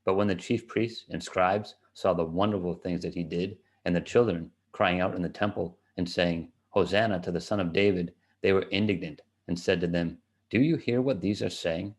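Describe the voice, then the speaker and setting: A man giving a steady, measured reading of scripture aloud. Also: sits low. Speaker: scripture reader.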